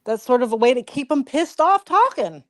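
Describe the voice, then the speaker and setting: A woman co-hosting a podcast in casual chat, blunt and profane, chiming in with quick remarks. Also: sits high, animated, no room sound. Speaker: podcast co-host.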